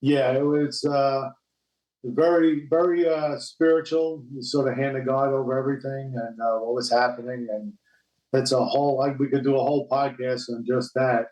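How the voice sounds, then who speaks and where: Middle-aged New York guy, halting plain talk, roomy echo on the line. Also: mid-range voice, level tone, a little mellow. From Long Island, New York. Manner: plain, halting with many uhs. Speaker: podcast guest. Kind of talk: casual podcast conversation. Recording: echoey room.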